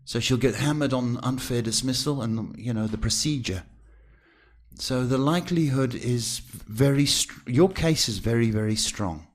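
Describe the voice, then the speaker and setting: A man with a South African accent reads tarot on a live stream. He talks in an animated, familiar way and calls viewers sweetheart. His voice sits at a middle pitch. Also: normal speed. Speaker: psychic tarot reader. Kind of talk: live-stream reading, casual advice.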